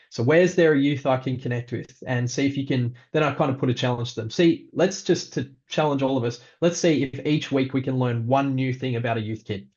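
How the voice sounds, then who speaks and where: A male pastor, giving a practical leadership talk in a relaxed, conversational way with frequent ums. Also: mid-range voice, lo-fi sound.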